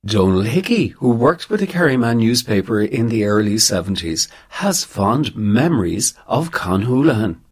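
A man narrating a documentary in a measured, scripted delivery. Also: fairly low pitch, very animated, slightly rough.

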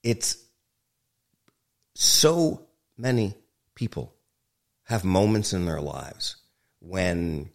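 A man's voice: deep voice, drawn-out words, pauses often. A man, a film director, talking frankly and emphatically as a guest in an interview, swearing freely and joking. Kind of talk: candid interview conversation.

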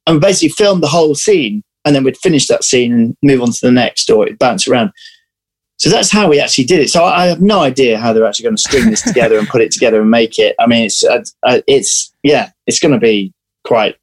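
A man talking as an interview guest, animated and chatty, often breaking off and restarting his sentences. His pitch sits in the middle range for a man. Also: fast talker, breathy edge. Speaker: actor guest. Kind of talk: casual interview chat.

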